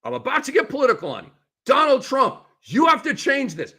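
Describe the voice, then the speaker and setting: Excitable high-pitched male sports host. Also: husky. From lives in the Tampa Bay area. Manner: excitable, ranting, quick shifts in volume. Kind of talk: animated solo sports commentary.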